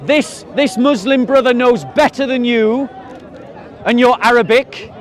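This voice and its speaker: A man's voice: very high-pitched, fairly even intonation, measured pace. A man debating a crowd outdoors, firing pointed questions and mocking his opponents. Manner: challenging, mocking, pressing questions. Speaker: street debater. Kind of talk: open-air debate. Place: outdoors in a park. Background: crowd of onlookers.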